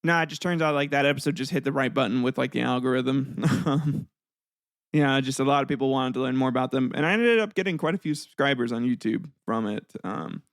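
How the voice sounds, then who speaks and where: A gravelly-voiced young man hosts his own podcast, talking in a loose, rambling way with plenty of ums and little laughs. The sound is close and dry, with no room echo. His pitch sits at an ordinary middle height. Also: brisk. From United States. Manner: rambling, loose, full of fillers and chuckles. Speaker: podcast host. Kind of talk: casual solo podcast chat.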